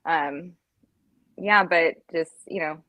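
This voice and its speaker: A woman in her thirties speaks as a podcast guest in a fairly low, soft voice. She talks hesitantly with frequent ums and pauses. The recording is dry and close. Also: dry recording. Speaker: guest, history content creator. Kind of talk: casual interview chat.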